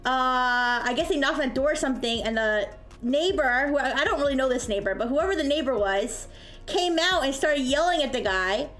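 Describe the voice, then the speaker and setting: A high-pitched woman streams from her desk microphone and chats with her viewers. She tells a story in a casual, animated way and acts out the voices of the people in it. Soft music plays quietly behind her. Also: fairly quick.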